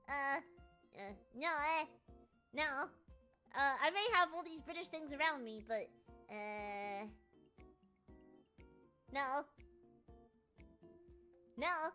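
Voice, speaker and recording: A woman from the UK streaming casually, answering viewer questions in an excitable, giggly, rambling way. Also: sits high, slow, long pauses, faint music behind. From United Kingdom. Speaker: VTuber streamer.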